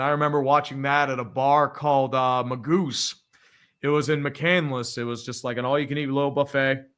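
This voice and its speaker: On his casual live reaction stream, this man reads out viewer donations in a medium-pitched, slightly bright voice that's clear and resonant. His opinions come quick, blunt, and profane, punctuated by frequent laughs.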